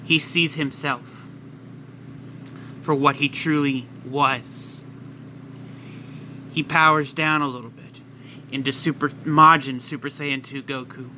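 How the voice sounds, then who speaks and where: Bright, excitable male storyteller. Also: mid-range voice, slow, long pauses, slight background noise. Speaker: fan story narrator. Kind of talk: casual fan-fiction narration.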